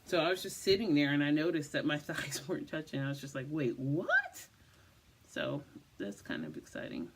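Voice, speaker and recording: A woman's voice: sits low, sing-song, fairly quick, slight background noise. A tired woman vlogging casually, rambling through the story of her day and repeating "I was just like" as she retells it. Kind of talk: casual personal vlog.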